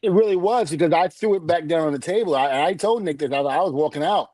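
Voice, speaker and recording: A middle-aged man tells a story on a podcast, with a fairly high-pitched voice. He acts out every quoted line and laughs as he goes. His voice is close and dry, with no room sound. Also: fast talker, a little mellow, dry recording. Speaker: podcast guest. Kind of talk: casual storytelling chat.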